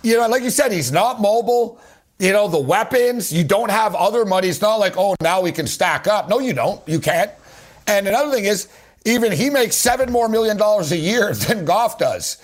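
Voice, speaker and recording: A male sports talk radio host with a fairly high voice, talking fast and with animation. He argues his football takes hard and keeps calling his guest by name. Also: expressive.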